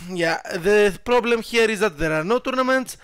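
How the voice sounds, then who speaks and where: A young man giving casual gameplay commentary, excitable, swearing and shouting at his troops and laughing at himself. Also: sits high, moderate pace, clear, resonant tone, no room sound, clean studio sound. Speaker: gaming YouTuber.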